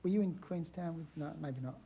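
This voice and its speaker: A man's voice: a little high, brisk, lo-fi sound, slight background noise. A middle-aged man from Australia, an aerial photographer giving a chatty, anecdotal conference talk and asking his audience questions.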